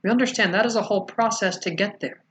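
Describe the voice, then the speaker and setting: A man channeling a spiritual message as a collective "we", speaking slowly and soothingly with gentle rhetorical questions. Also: high voice, a little hiss or hum. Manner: slow, soothing, rhetorical questions ending in "yes?".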